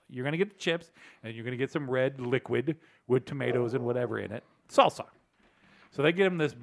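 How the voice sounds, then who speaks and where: A man hosting a casual podcast, telling long rambling stories and acting out the people in them. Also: medium pitch. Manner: rambling storyteller, acts out quoted people. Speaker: podcast host. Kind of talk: casual chat.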